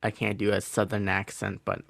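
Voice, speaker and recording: A man's voice: on the low side, completely flat delivery, a little fast, gravelly, a bit bright, no room sound. Hesitant man, dry close sound. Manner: hesitant, many fillers and restarts. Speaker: podcast co-host. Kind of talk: casual chat, telling a case.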